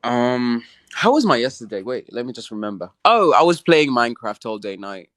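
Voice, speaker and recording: A man's voice: medium pitch, big pitch swings, moderate pace, fairly bright tone, no room sound. A man joining a live lesson as a guest, chatting in a laid-back, playful, slangy way. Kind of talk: casual chat.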